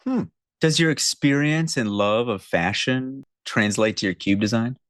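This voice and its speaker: A man's voice: medium pitch, a little slow, no room sound, clean studio sound. A man hosting a podcast, asking short casual questions and laughing along. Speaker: podcast host, interviewer.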